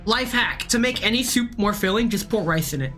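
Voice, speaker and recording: A tipsy woman streaming a game, reading its text aloud and rambling off on tangents in an excitable, profane way. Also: medium pitch, a little fast, over music. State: tipsy from drinking.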